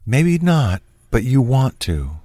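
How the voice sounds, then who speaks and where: A man's voice: medium pitch, very animated, takes it slowly, dark tone, no room sound, studio quality, voice pushed up. A man voicing a frightened, submissive young woman with a timid, pleading, apologetic manner, in a read-aloud true crime story.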